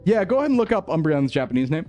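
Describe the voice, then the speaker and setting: A man's voice: a little high, very animated, rapid-fire, mellow, soft background music. A man streaming, chatting casually with his viewers and laughing often. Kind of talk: casual chat reading chat.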